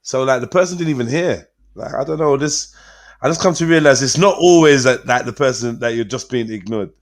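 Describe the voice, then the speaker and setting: A man hosting a casual livestream panel chat, slangy and animated, quick to laugh. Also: mid-range voice. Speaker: livestream host.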